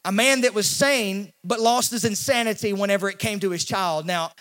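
Man preaching, high voice, animated, acts out the voices in the story. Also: normal speed. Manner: animated, acts out quoted voices, repeats words when he restarts. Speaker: pastor. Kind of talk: sermon.

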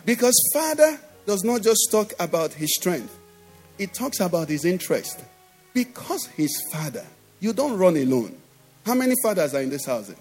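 A man's voice: high-pitched, sing-song, moderate pace, a little mellow, breathy edge, faint music behind. A middle-aged man with a Nigerian English accent, preaching a sermon in a church, emphatic and constantly asking the congregation if they understand. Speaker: pastor.

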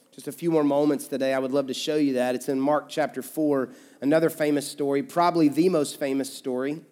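A male pastor with a Kentucky accent preaching a conversational sermon, swinging between emphatic loud stretches and hushed ones. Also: medium pitch. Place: church sanctuary. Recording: church hall reverb with soft music.

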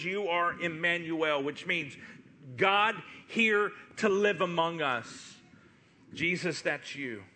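A man's voice: high voice, sharp tone. A man preaching a sermon as pastor, pleading and impassioned, with much repetition.

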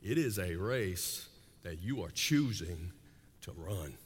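A pastor preaching a sermon in a large church auditorium. He talks with high energy, swings between soaring intensity and hushed asides, and keeps tagging lines with "right?". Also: lively intonation, slow pace, slightly rough. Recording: echoey hall.

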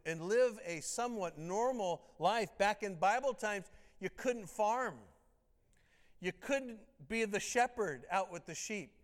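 A man preaching a sermon as pastor, talking conversationally and tossing out rhetorical questions. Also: sits high. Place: church sanctuary. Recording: reverberant church hall.

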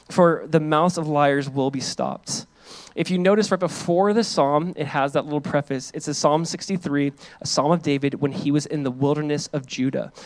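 A male pastor giving a sermon. He talks casually to the congregation and reads scripture aloud with loud, rising emphasis. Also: on the high side. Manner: calls on the congregation to join in.

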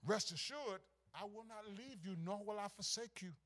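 A pastor preaching a sermon, swinging from hushed asides to shouted climaxes. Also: male voice, sits high, moderate pace.

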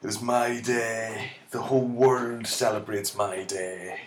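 A man's voice: fairly low pitch, flat delivery, voice pushed up. A man doing a smug, bragging Irish saint. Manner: smug, slow and self-satisfied. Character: boastful male Irish saint, smug and showy. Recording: echoey room.

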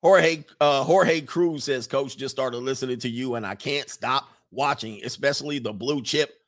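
Guy doing a livestream, reads chat messages and laughs a lot, loose and animated. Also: medium pitch, moderate pace. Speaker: livestream host reading super chats.

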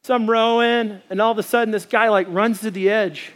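A man preaching a sermon in a church as pastor, telling a story with lively acted-out dialogue. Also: high-pitched, a little fast. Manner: animated storytelling, acting out dialogue.

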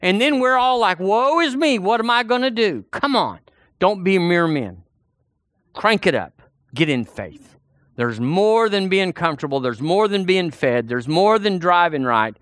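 A man's voice: sits high, big pitch swings, a little slow, a bit bright, no echo, studio quality. A man preaching a sermon in a folksy, conversational way, talking straight to the congregation and often repeating himself.

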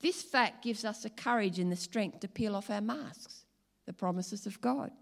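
A woman's voice: mid-range voice, moderate pace, creaky. A middle-aged woman, preaching a sermon in an earnest, emphatic, storytelling way. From Australia. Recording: long hall reverb.

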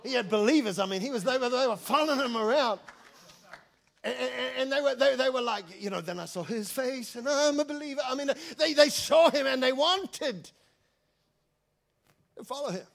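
A New man preaches with a lot of energy, telling the story in a loose, joking way and calling out to the room. His voice sits high for a man and has a gravelly, creaky edge. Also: moderate pace, long pauses. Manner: energetic, conversational, jokey storytelling. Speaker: pastor. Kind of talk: sermon.

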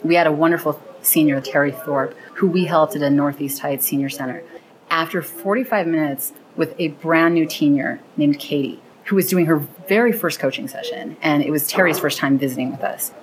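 A woman's voice: low voice, a little fast, a crowd in the background, rough recording. A woman being interviewed about the program she founded, telling stories earnestly and with enthusiasm. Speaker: founder of a program linking teens and seniors. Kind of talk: interview conversation.

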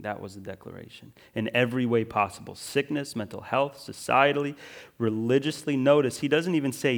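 A male pastor preaching a sermon, moving between urgent emphasis and quiet, drawn-out phrases, often checking in with listeners. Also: lowish voice. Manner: swings from loud and urgent to hushed and slow, with frequent "right?" asides.

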